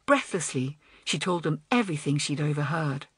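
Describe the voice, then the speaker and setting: A woman narrating a children's audiobook in an expressive, lively way. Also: deep voice, normal speed, slightly rough, no echo, clean studio sound. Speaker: audiobook reader. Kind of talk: storybook narration.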